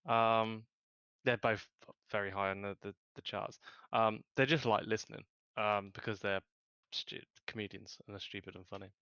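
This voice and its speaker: A podcast co-host, feeling unwell, talks in loose, rambling bursts full of ums and false starts. His voice is bright and clean, recorded close and dry on a somewhat dull, lo-fi mic. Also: fairly low pitch, steady tone, moderate pace, creaky, smooth, no echo. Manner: rambling, many fillers and restarts. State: unwell with a cold. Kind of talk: casual chat.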